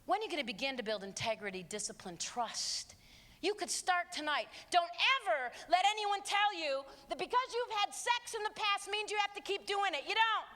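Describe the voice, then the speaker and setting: Woman speaker, high and forceful, emphatic and preachy, live in a reverberant hall. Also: expressive, normal speed. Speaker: speaker addressing teens. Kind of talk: live motivational talk. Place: large hall with audience. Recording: long hall reverb, faint crowd.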